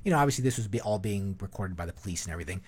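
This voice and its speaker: A man's voice: deep voice, expressive, rapid-fire, darkish tone, husky. A man hosting a podcast in a casual, rambling way, full of fillers and swearing. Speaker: podcast host. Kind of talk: casual chat.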